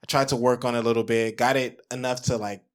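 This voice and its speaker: A young man in his twenties, a producer and audio engineer appearing as a guest, tells a story fast and casually. He's animated, acting out his own reactions in a high, excited voice and saying "like" constantly.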